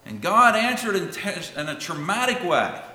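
A man preaching a sermon, swinging from loud calls to hushed lines, and reading scripture in old-fashioned wording. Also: high voice, sing-song, normal speed. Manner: reads scripture in King James wording. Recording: echoey hall with long reverb.

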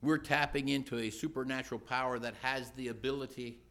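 A man preaching a sermon in church, earnest, moving between loud questions and hushed retelling. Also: medium pitch, fairly even intonation, fairly quick, gravelly.

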